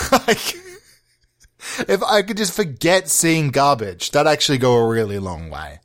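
A man rambles through a comedy podcast monologue with a somewhat high voice. He swears freely and works himself into mock outrage. His delivery is loose, full of fillers and restarts. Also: big pitch swings, measured pace. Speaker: podcast host.

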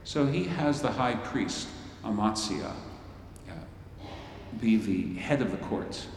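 A slow, wry preacher in a hall. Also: male voice, fairly low pitch, animated, a little hiss or hum. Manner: playful, theatrical, wry asides. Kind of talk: storytelling sermon. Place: large worship hall. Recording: echoey hall from far off.

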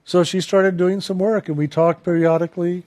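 A man calmly recounting a personal story and turning it into a spiritual lesson, earnest and reflective, slowing down on the phrases he wants to stress. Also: sits high. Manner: calm, earnest, reflective, with slowed emphasis on key phrases.

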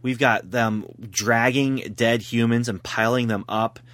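A man's voice: medium pitch, steady tone, measured pace, a bit bright, no room sound. Man chatting casually, dry close sound. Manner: rambling storyteller who laughs at his own jokes. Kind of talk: casual chat.

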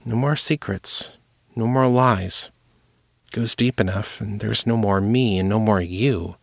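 A man's voice: fairly low pitch, unhurried, vocal fry, no echo, clean studio sound. Man voicing a wary young telepath woman. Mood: somber. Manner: wary, quiet, earnest.

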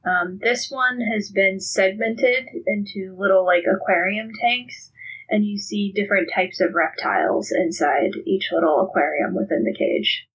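A woman's voice: medium pitch, a little slow, a bit bright, husky, dull audio. A woman narrating as game master of a tabletop game, describing scenes casually with many ums.

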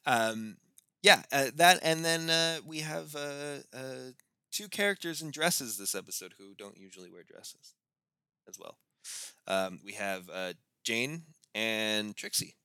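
A man's voice: mid-range voice, expressive, a little slow, bright, forceful tone, clear, resonant tone, no room sound. A man co-hosting a podcast, chatting casually about a TV series with many fillers and laughs. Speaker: podcast co-host. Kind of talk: casual chat.

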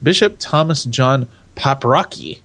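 A man's voice: mid-range voice, expressive, unhurried, a bit bright. A young adult man from California co-hosting a casual podcast chat, rambling, restarting his sentences and laughing often. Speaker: podcast co-host.

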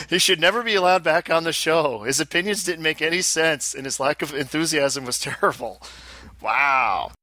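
A man's voice: a little high, lively intonation, normal speed, bright, forceful tone, dry recording. A man co-hosting a casual pinball podcast, joking and laughing a lot as he goes through the mail. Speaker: podcast co-host. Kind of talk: casual chat.

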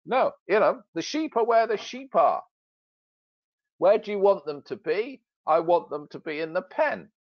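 Lively, joking British man, dull dry sound. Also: high voice, normal speed, no room sound. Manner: jokey, self-mocking storytelling. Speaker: sales expert and author. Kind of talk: casual podcast talk.

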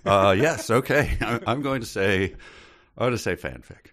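A man's voice: lowish voice, lively intonation, moderate pace, a bit bright. A man chatting as a guest, playful and laughing often, hesitating over his guesses. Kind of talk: casual chat.

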